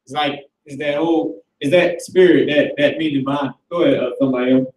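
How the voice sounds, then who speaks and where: A slightly high-voiced man leads a live language class in a loose, slangy way. He is picked up from some distance, in a roomy, echoing space with faint noise behind. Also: fairly even intonation, quick pace, a little mellow. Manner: loose and slangy, swears, laughs often. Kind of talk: casual live class teaching.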